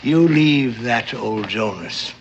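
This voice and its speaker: An actor playing a gruff, crafty old sea captain who talks in booming, theatrical sailor slang, in a 1960s television drama. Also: male voice, expressive, slow, slight background noise. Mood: scheming. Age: older. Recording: dull old TV soundtrack with music.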